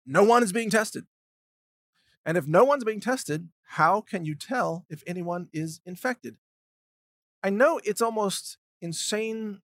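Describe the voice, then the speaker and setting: A man's voice: on the high side, a bit bright, no echo. A man hosting a solo commentary monologue, talking in an indignant, sarcastic way and acting out mocking imagined exchanges. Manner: indignant, sarcastic, acts out mocking hypothetical dialogues. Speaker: commentary podcast host.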